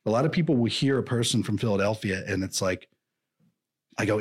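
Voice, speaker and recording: A man's voice: lowish voice, quick pace, husky. A man co-hosting a podcast, chatting casually and animatedly, sometimes slipping into joking voices. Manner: animated, slips into mock voices. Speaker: podcast co-host. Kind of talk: casual chat.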